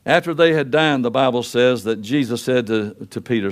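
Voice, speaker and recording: An older man preaching a sermon in a folksy, storytelling way, acting out the quotes he tells with wide swings in pitch and loudness. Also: normal speed, few pauses.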